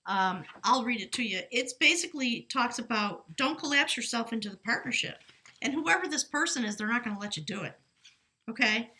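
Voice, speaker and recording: A woman's voice: a little high, expressive, brisk, bright, forceful tone. A woman giving a casual spiritual tarot reading. She reads rune meanings aloud, then slips into chatty, lighthearted asides. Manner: earnest, lighthearted, laughs easily. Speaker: tarot reader.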